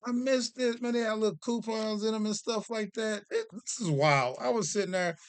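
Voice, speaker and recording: A man hosting a casual vlog, talking straight to the camera. He tells stories in an animated, joking, self-deprecating way, his voice sitting a bit high for a man. The sound is dry and close, with no room echo. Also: normal speed, clear, resonant tone. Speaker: vlogger host.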